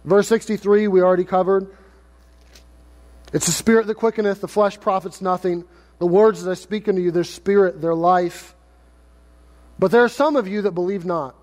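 Pastor guy preaching, pretty high voice, lots of hall echo, acts out the lines. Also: moderate pace, pauses often. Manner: expressive preaching, acts out quoted lines in lively paraphrase. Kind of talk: sermon. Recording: long hall reverb.

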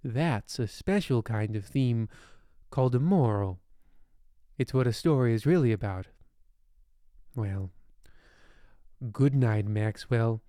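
Man, bedtime storyteller, deadpan, sardonic, rambling asides, smooth resonant voice. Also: mid-range voice, slow, long pauses, no room sound, clean studio sound. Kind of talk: comic bedtime story narration.

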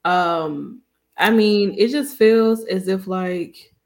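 A woman co-hosting a casual wrestling post-show, relaxed and chatty with frequent filler phrases. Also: medium pitch, takes it slowly. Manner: relaxed, lots of "you know what I'm saying" and agreeing hums.

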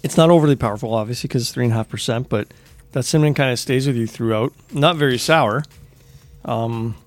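A man hosting a casual beer-tasting podcast, losing his voice and talking in a relaxed, hesitant way with lots of fillers. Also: medium pitch, fast talker. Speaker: podcast host.

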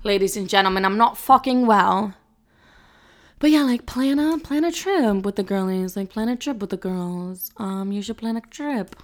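A woman's voice: medium pitch, moderate pace, few pauses. Blunt, profane woman podcast host. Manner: blunt, profane, rambling and animated. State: sick and over-caffeinated. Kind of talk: casual solo podcast chat.

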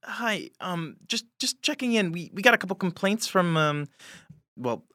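Nervous female hotel worker, stammering and high-pitched, voiced by a man, dry close sound. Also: sing-song, moderate pace, sharp tone, no room sound, full character voice. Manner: hesitant, stammering.

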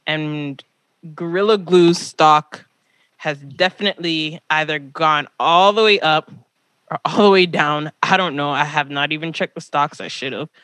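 A woman's voice: low voice, unhurried, fairly bright tone, dry recording. A woman from Toronto co-hosting a podcast, chatting casually and animatedly, teasing her co-host with pressing questions. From Toronto, Canada. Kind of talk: casual chat.

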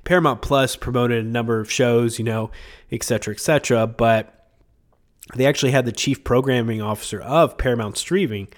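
A man's voice: mid-range voice, a little fast. Sick man rambling on his podcast. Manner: rambling, chatty, many fillers and chuckles. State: sick, congested voice. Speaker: podcast host. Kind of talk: casual podcast chat.

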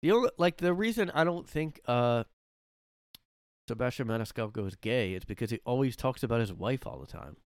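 A man's voice: mid-range voice, big pitch swings, a little fast, clear, resonant tone, dry recording, clean studio sound. A man rambling through a casual solo podcast from his room, full of fillers and restarts. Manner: rambling, lots of fillers and self-corrections, laughs often. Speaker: podcast host. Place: home room.

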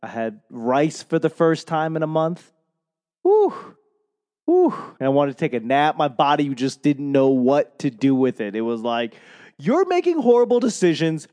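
A man's voice: medium pitch, normal speed, hardly any pauses, a little mellow, big-room sound. A man with a Boston accent rambling casually into a microphone, self-deprecating and swearing freely.

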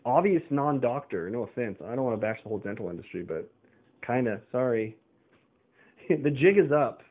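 A man's voice: mid-range voice, animated, normal speed. Rambling man on a tinny line. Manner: rambling rant with fillers and swearing. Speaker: podcast host. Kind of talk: casual rambling monologue. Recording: tinny phone-like sound.

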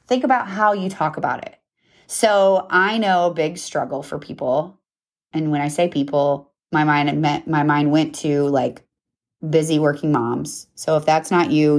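A woman's voice: deep voice, darkish tone. Chatty woman podcast host, pep-talk style. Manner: chatty, emphatic, frequent "okay?" and "right?" check-ins; laughs at herself. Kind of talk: casual motivational monologue.

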